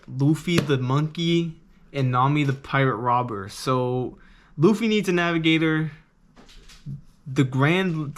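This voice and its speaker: Young male manga reviewer, laid-back, rambly, cussing freely, slightly higher voice. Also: a little hiss or hum.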